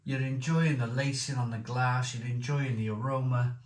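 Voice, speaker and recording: A man's voice: medium pitch, steady tone, normal speed. A man reviewing a beer in casual chat, enthusiastic, repeating himself and rambling. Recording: echoey room with faint noise.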